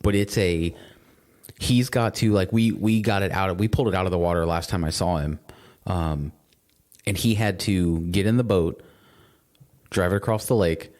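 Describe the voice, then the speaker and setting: A man's voice: low-pitched, moderate pace, long pauses, darkish tone. A man co-hosting a podcast, chatting casually in a rambling way, full of restarts and swearing. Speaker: podcast co-host. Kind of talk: casual chat.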